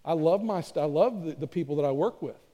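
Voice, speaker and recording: Warm-voiced pastor preaching in a reverberant church. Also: male voice, on the high side, lively intonation, quick pace, lo-fi sound. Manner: conversational and self-deprecating, often repeats words. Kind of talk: sermon. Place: church sanctuary.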